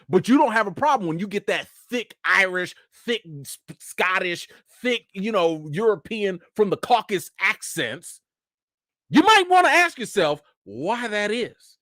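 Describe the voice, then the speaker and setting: A young man hosting a live chat show, animated commentary with mocking asides and rising near-shouts. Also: high voice, no room sound, clean studio sound. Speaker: show host.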